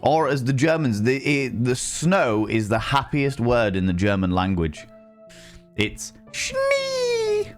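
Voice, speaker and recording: A man's voice: medium pitch, measured pace, few pauses, faint music behind. A man chatting playfully and casually with his chat during a live stream, tossing out teasing greetings. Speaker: game streamer.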